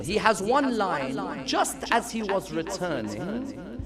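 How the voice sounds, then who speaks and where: A man's voice: high-pitched, very animated, slow pace, crowd noise. A man delivering a Muharram majlis sermon as a lecturer, impassioned and building to cries.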